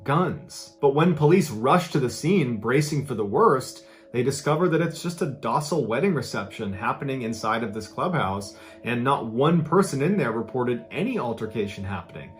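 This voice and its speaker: A man's voice: mid-range voice, expressive, normal speed, soft background music. A man narrating a true story in a dramatic storytelling style. He acts out quoted lines with a raised voice. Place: played from an original video inside a reaction video.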